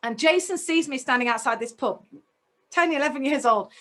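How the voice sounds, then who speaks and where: Woman, high voice, personal storytelling talk, intense, emotional. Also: moderate pace, fairly bright tone. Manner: intense, emotional, addresses the audience with direct questions. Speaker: speaker.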